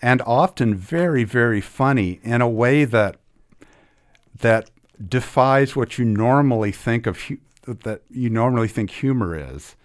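A man's voice: mid-range voice, expressive, measured pace. A middle-aged man talking enthusiastically about restoring old comics, with many restarts. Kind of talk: casual interview talk.

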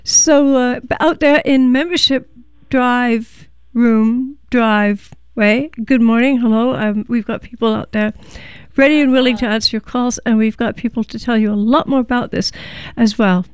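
A woman hosting a community radio show, interviewing a guest and pitching a membership drive, speaking haltingly with many fillers and pauses. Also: steady tone, clear, resonant tone, dry recording.

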